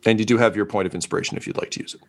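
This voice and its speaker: A man running a tabletop game as game master, relaxed and full of ums and uhs. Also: fairly low pitch, very fast.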